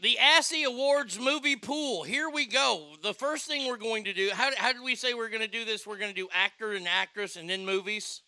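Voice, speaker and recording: A man's voice: high voice, a little fast, hardly any pauses, bright, forceful tone, dry recording. A man co-hosting a podcast, bantering loosely about movies with joking, profane asides. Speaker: podcast co-host.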